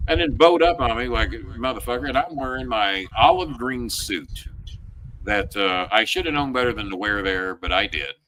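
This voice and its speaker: A man with a lowish, forceful voice hosts a talk show and tells a story in blunt, heated bursts. He swears constantly and pushes hard on key words, building emphasis as the story goes on. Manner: relives the story with rising emphasis. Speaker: show host. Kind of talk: profane storytelling chat.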